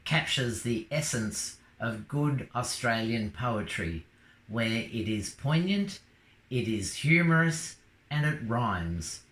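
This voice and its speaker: A man hosting a poetry channel who recites rhyming verse in a rhythmic, expressive way and chats to viewers. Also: medium pitch, poor audio. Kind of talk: poetry recitation and video chat.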